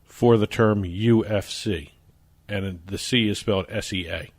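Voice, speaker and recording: Low-voiced Jersey man explaining sports news. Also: steady tone, a little slow. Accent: New Jersey. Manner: explains news stories at length, some restarts. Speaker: podcast co-host. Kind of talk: casual sports chat.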